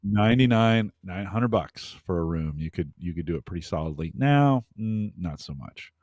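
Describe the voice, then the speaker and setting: A man's voice: low voice, expressive, normal speed, a little mellow, no room sound, studio quality. A man co-hosting a podcast in casual chat, breaking in with short joking asides. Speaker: podcast co-host.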